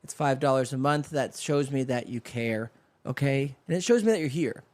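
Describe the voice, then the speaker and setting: A man's voice: mid-range voice, normal speed, darkish tone, no room sound. A man hosting a solo comedy podcast, rambling through a story and slipping into voices for the people in it. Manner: rambling, riffing with acted-out voices. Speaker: podcast host. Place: home studio.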